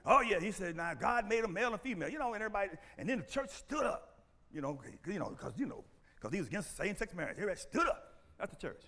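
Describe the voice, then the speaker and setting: A man preaching a sermon as pastor, animated and playful, calling out to the congregation and bursting into shouts. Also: high-pitched, fast. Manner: playful, teasing, laughs often.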